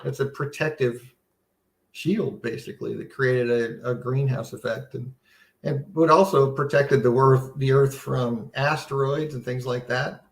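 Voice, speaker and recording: A man's voice: medium pitch, fairly even intonation, measured pace, gravelly, roomy sound. A man giving a casual, earnest Bible seminar talk, teaching conversationally with many restarts and a sense of wonder. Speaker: seminar presenter.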